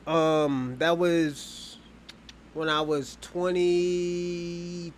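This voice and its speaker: A man's voice: on the high side, flat delivery, extremely slow, slight background noise. A man hosting his own channel, telling a casual, rambling story in loose, profane slang. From Boston, US. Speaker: channel host.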